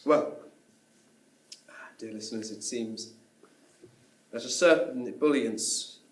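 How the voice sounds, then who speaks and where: A man playing a desperate former radio engineer and spy who pleads in halting, broken sentences. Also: mid-range voice, lightly acted. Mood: wry. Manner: pleading, halting, full of restarts. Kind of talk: radio drama acting. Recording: echoey room, distant mic.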